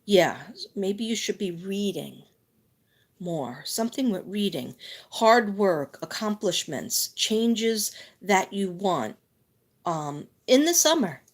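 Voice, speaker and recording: Woman rambling through a live tarot reading, lots of ums, medium-pitched voice. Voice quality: chatty, rambling with many fillers. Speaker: psychic tarot reader.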